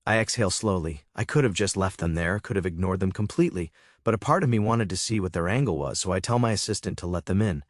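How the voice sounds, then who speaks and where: A man tells a first-person story in a cool, smug, matter-of-fact way. His voice sits on the low side and sounds dry and close to the mic. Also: fast, hardly any pauses, no echo. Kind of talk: first-person scripted narration.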